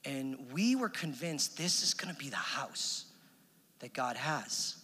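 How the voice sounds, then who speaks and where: Bright-voiced preacher in a reverberant hall. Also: male voice, medium pitch, slow, slightly rough. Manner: animated storytelling, acting out quoted voices. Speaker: minister. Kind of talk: sermon testimony.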